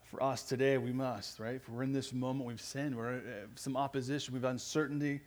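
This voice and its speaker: A man's voice: mid-range voice, steady tone, fairly quick. A man preaching a sermon as pastor, earnest and growing emphatic as he speaks.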